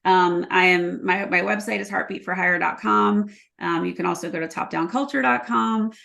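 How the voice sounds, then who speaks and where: Low-voiced, gravelly woman telling stories. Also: normal speed. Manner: energetic storyteller, acts out quoted dialogue; filler-heavy, frequent ums. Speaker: podcast guest, leadership consultant. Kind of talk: casual interview conversation.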